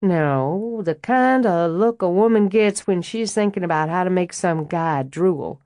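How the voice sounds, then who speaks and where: A woman's voice: on the low side, animated, measured pace, darkish tone, no room sound. A woman voicing a blunt, confident male landscaper who teases in a dry, direct way. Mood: teasing.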